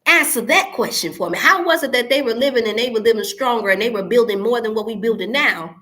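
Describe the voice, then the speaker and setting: A middle-aged woman hosts a wellness show, chatting casually to viewers. Her talk turns preachy and animated, pressing points with emphatic questions. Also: fairly high pitch, quick pace. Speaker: wellness channel host.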